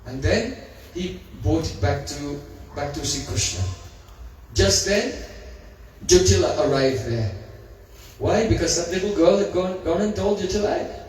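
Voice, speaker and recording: A man telling devotional stories to a live audience, animated, acting out voices and quizzing listeners. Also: high voice, a little slow, long pauses. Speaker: spiritual teacher telling sacred stories. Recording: very echoey hall, mic far off, faint hiss.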